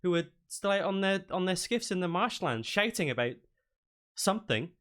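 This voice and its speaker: A man voicing a woman stonemason who recounts what she saw in a halting way. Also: sits high, animated, a bit bright, clean tone, voice pushed up. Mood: hesitant. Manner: halting, hesitant. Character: female stonemason, hesitant.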